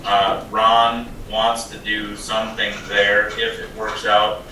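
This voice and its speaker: A man on a city board speaks plainly and directly over a remote call, his voice bright and sharp but flat. The sound is very echoey and distant, with a faint hiss underneath. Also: on the low side, slow. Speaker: board member. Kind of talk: public meeting discussion.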